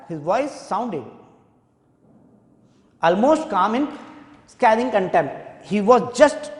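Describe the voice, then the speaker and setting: High-voiced teacher in an echoey room. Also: male voice, big pitch swings, slow pace, pauses often. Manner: explains each word in simple terms, then goes back to reading. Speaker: English teacher. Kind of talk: reading a story aloud and explaining it. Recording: echoey room with long reverb.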